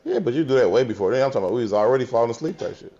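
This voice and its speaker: A man's voice: medium pitch, lively intonation, vocal fry, mellow, muffled recording, slight background noise. A man co-hosting a podcast, joking and swearing in a casual group chat. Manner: quick, profane, joking. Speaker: podcast co-host.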